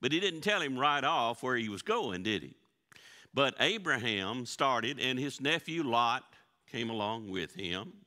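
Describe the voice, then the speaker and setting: A man's voice: mid-range voice, sing-song, measured pace, pushed and bright. A man teaching a Bible lesson to his congregation, folksy and often asking them questions. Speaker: pastor teaching a Bible study. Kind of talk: interactive church Bible lesson. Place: church sanctuary. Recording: long church hall reverb.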